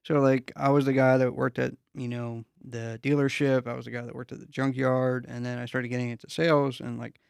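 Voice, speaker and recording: A man's voice: mid-range voice, level tone, fairly quick, gravelly, hardly any pauses, clear, resonant tone, no room sound, clean studio sound. A man from the East Coast, hosting a podcast, talking in a laid-back, rambling way with many fillers. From East Coast of the USA. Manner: laid-back, rambling, full of "like" and "you know". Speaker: podcast host. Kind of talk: casual interview talk.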